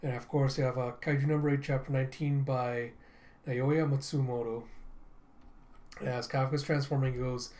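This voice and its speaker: A man's voice: medium pitch, normal speed. Chatty young man reviewing a manga. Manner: relaxed, chatty, retells panels with fillers. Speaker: reaction channel host. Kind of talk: casual manga reading and commentary.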